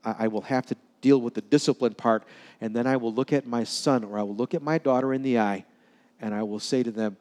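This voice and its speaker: A male pastor delivers a sermon in a church sanctuary, his voice trailing off into a long reverb. He tells stories and acts out the dialogue, at times sinking to a soft, quiet tone. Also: medium pitch, steady tone, fairly quick. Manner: storytelling, acts out dialogue with sudden drops to soft tones.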